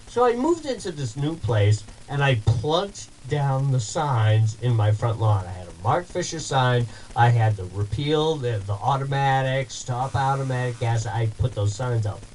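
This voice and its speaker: A man hosting a talk show, telling a story casually in a rambling, animated way and repeating himself. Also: medium pitch, unhurried, few pauses, a little hiss or hum, low-quality recording. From Massachusetts. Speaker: host.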